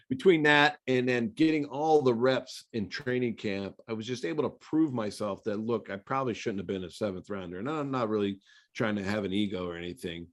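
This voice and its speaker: Low-voiced former quarterback telling stories. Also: male voice. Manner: relaxed, conversational, many fillers. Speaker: former NFL quarterback, guest. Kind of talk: casual storytelling interview.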